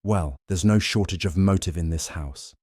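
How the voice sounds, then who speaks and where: A man plays a plain-spoken male companion in an audiobook mystery. He talks bluntly with a wry edge, deep-voiced and dry. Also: normal speed, darkish tone, no room sound.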